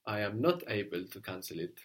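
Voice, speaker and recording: A man teaching a spoken language lesson, explaining patiently and repeating words slowly for his student. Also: fairly low pitch, sing-song.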